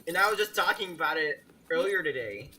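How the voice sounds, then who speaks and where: A man's voice: fairly high pitch, expressive, fairly quick, sharp tone. A young man streaming a game live, chatting casually and teasing his viewers. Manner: playful, teasing, restarts often, laughs at chat.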